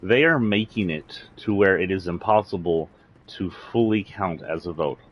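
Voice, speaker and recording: A man with a slight Southern accent from Texas, talking bluntly and indignantly in a political livestream rant. His voice sits very low. The lo-fi stream audio sounds dull and muffled. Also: moderate pace, slight background noise. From San Antonio, Texas.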